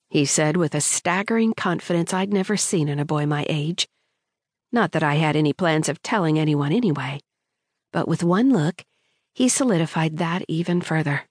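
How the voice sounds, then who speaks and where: A woman with a low voice reads a first-person audiobook in a measured, storytelling manner. The recording is dry and close, with no room sound around her. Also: no echo. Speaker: audiobook narrator. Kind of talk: scripted first-person narration.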